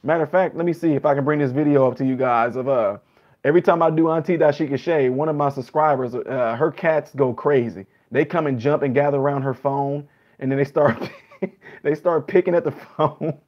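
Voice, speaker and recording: A man chatting to his viewers in a relaxed reaction vlog, his voice sitting a little high for a man. He keeps it loose and conversational and talks to the audience directly. The recording sounds dull and lo-fi. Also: a little fast. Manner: chatty, loose, addresses viewers as y'all and guys. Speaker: vlogger and musician. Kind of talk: casual reaction vlog commentary.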